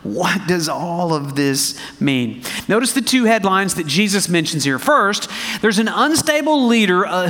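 High-voiced man preaching in a reverberant hall. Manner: animated, conversational preaching with rhetorical questions. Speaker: pastor. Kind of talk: sermon.

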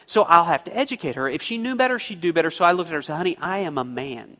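A man's voice: sits high, big pitch swings, racing, bright, forceful tone, in a large hall. A man preaching a sermon, telling a homespun story and rising into emphatic pleas. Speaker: pastor.

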